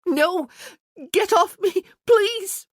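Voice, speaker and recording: A narrator voicing a frightened young Highland woman, upset and pleading in a raised voice. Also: a little slow, no echo, studio quality. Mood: screaming.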